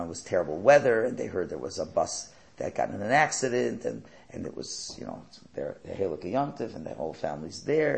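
A man's voice: low voice, creaky. A man teaching a Torah class, telling stories and asking rhetorical questions that he answers himself. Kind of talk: lecture with storytelling.

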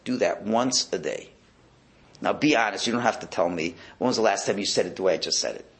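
A man's voice: sits low, fairly quick, creaky. A man teaching a religious lecture to an audience, acting out voices and dropping to a whisper. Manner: animated, acts out voices, drops to a whisper. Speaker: rabbi giving a talk.

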